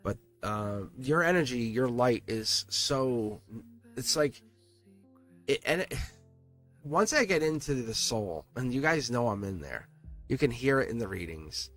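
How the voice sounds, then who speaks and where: A man's voice: medium pitch, expressive, measured pace, fairly bright tone, faint music behind. A man reading tarot on a live stream. He talks to his viewers in an earnest, encouraging way, repeats words and restarts his sentences, and swears now and then.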